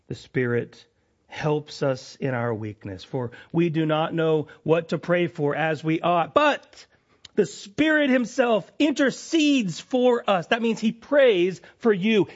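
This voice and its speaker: Pastor, male, higher voice, lively preaching swinging emphatic to hushed; lo-fi church recording. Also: slow. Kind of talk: sermon. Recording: lo-fi dull sound.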